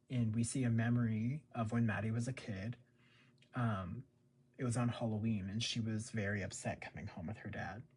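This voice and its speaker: A man's voice: on the low side, a little hiss or hum. A man casually recapping a TV episode, rambling with lots of fillers. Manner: rambling, filler-heavy, chuckles often. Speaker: show recap host.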